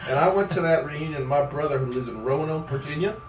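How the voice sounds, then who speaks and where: A man's voice: on the high side, quick pace. A man co-hosting a comedy podcast, hamming up an exaggerated twangy drawl and laughing often. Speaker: podcast co-host. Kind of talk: comedic banter in a put-on drawl. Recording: roomy, distant mic, faint room noise.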